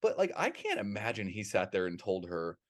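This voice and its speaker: A man co-hosting a podcast, chatting casually and telling a story in a rambling, animated way with plenty of swearing. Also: on the low side, fairly quick. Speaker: podcast co-host.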